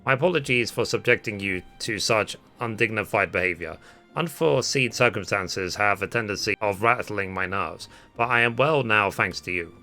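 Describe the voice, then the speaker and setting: A man's voice: lowish voice, normal speed, bright, forceful tone, faint music behind. A man voicing an earnest, fussy male scholar who is easily flustered, reading formal, old-fashioned lines aloud.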